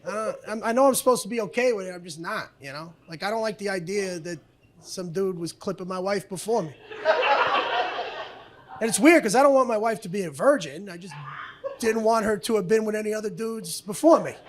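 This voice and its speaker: A man's voice: high voice, a little fast. Brash, profane male stand-up comic. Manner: brash and profane, jumps into voices. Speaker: stand-up comedian. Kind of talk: stand-up comedy routine. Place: comedy club stage with audience laughter.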